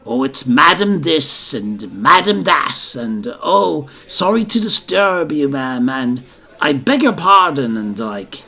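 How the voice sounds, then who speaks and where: A man's voice: fairly high pitch, sing-song, slow pace, pushed and bright, heavily acted. An actor playing an older Dublin man who tells a rambling, boastful pub story, with colloquial asides to his listeners. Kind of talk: theatrical comic monologue.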